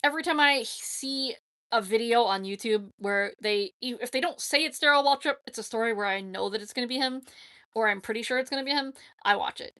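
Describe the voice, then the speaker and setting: A woman's voice: a little high, a little fast, pushed and bright. A woman chatting casually on a live stream, rambling and emphatic, often adding "like, seriously.". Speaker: YouTube streamer answering chat.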